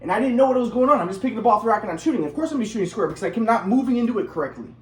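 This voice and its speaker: A man's voice: high voice, sing-song, racing, roomy sound. A man telling a personal story in a casual, rambling monologue, repeating himself while demonstrating moves.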